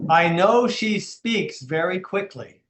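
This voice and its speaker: A man's voice: high voice, expressive, slow pace, fairly bright tone, roomy sound, soft background music. A man teaching an English class, playful and teasing with his students.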